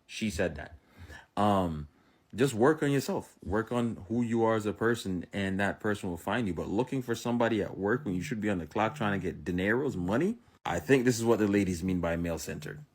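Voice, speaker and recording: A man's voice: on the low side, animated, a little fast. A man reacting to a clip who lectures and hands out advice in mock disbelief. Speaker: commentator. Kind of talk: reaction commentary.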